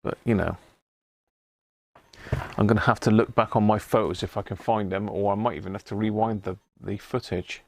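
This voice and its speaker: A man's voice: lowish voice, steady tone, normal speed, vocal fry, pauses often, no echo. A man hosting a casual live stream about restoring an old radio, chatty and greeting viewers by name as he works.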